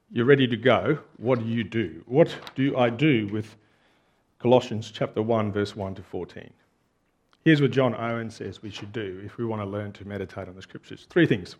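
A man's voice: medium pitch, a little mellow. A man preaching a conversational sermon, earnest and full of rhetorical questions. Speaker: pastor.

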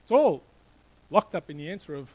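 Middle-aged male pastor, high voice, lively sermon delivery with quick questions to the congregation. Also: dull audio. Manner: animated, playful with the congregation, asking questions.

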